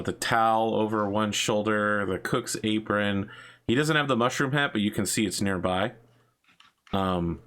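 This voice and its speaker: A man narrating a tabletop game as game master in a relaxed way, with many fillers. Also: on the low side.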